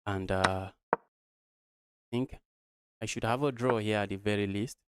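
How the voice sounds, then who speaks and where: A man's voice: fairly low pitch, fairly even intonation, a little slow, background noise. A young man from Nigeria streaming live chess, thinking aloud through lines of play and talking to his viewers as guys.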